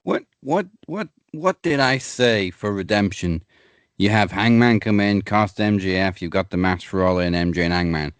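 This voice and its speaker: A man co-hosting a wrestling podcast and talking in an animated, emphatic way. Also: lowish voice, normal speed, clean tone, dry recording. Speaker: podcast co-host. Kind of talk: casual wrestling chat.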